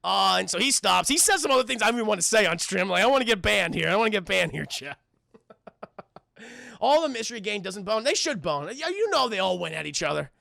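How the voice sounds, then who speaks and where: A man's voice: high-pitched, big pitch swings, fast talker, creaky, bright, forceful tone, dry recording, studio quality. A man casually recapping a cartoon episode for his live chat, rambling and profane, talking straight to the viewers. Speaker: streamer reviewing a cartoon.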